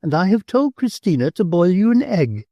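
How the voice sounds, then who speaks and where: Bossy countess, a man playing her higher than his own voice, fussy, commanding, storybook reading. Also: very animated, moderate pace, dark tone, no echo, lo-fi sound. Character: bossy talkative middle-aged countess.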